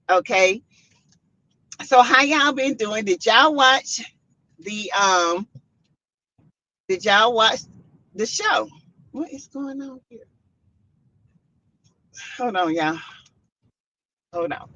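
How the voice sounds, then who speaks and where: A woman's voice: mid-range voice, bright, forceful tone. A middle-aged woman, hosting a casual livestream and chatting while greeting her viewers by name. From South Carolina. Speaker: livestream host. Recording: dull lo-fi livestream audio.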